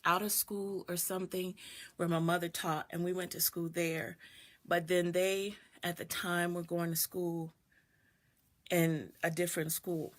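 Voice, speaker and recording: A woman's voice: lowish voice, bright, forceful tone. Middle-aged woman telling a personal story. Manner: reflective, greets viewers mid-story. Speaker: doula and video host. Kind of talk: personal storytelling on a live stream.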